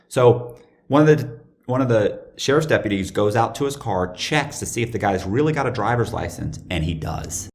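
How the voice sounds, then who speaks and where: A man, a guest on an interview podcast, telling a personal story in a casual, animated way and acting out the dialogue. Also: sits low, brisk, vocal fry. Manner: animated, acts out quoted dialogue.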